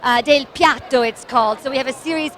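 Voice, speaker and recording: Walking with the camera through a street celebration, a breathless, excited woman offers casual live commentary in a high pitch. She talks a little fast, and there is slight background noise from the crowd and drums.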